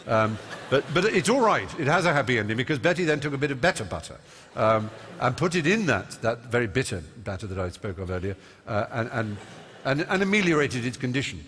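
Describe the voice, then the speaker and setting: Brief: man, stage guest, witty self-mocking storyteller, mid pitch, hall echo. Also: very animated, brisk, fairly bright tone, a little hiss or hum. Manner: eloquent, self-mocking, with many fillers. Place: large concert hall stage. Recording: long reverb of a large hall.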